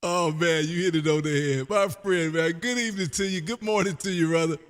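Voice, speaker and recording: A man hosting a casual ham radio chat, loud and folksy, calling everyone man. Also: fairly high pitch, brisk, in a large hall, slight background noise. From Texas.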